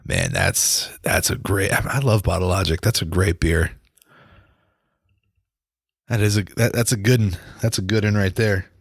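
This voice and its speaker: A man talks through a casual solo podcast in a fairly low voice. He rambles and restarts his sentences often. The sound is close and dry, with no room echo. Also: expressive, moderate pace, creaky, long pauses, slightly rough. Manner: rambling, many restarts and fillers. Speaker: podcast host. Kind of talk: casual solo podcast about football and beer.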